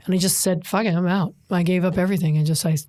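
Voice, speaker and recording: A woman's voice: lowish voice, quick pace. A middle-aged woman from New York, a podcast guest telling stories in casual chat, swearing freely and acting out what people said. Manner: swears freely, animated storyteller acting out quotes.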